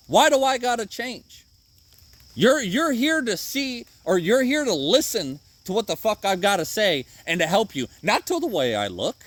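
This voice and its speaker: Male podcast host, higher-pitched voice, profane off-the-cuff pep talk recorded outdoors in the woods in the rain. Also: fairly bright tone. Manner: rambling and profane, swears often, jokes at himself. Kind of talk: unscripted motivational monologue.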